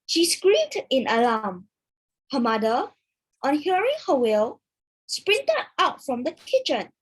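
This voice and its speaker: A young female student reads a story aloud for oral exam practice. Her voice is high and lively, a little husky, and she takes her time over each line. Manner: slow, careful, expressive reading. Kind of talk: reading a passage aloud.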